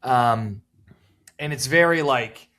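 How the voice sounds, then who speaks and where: A young man with a mid-pitched voice, co-hosting a podcast. He talks in a rambling, deadpan way, full of filler words, and delivers jokes straight. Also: takes it slowly. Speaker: podcast co-host. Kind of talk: casual chat.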